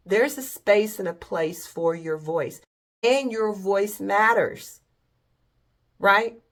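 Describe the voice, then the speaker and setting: A woman's voice: mid-range voice, slow. A woman hosting a faith-based motivational talk, speaking in a direct, emphatic way and often asking "right?". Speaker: host.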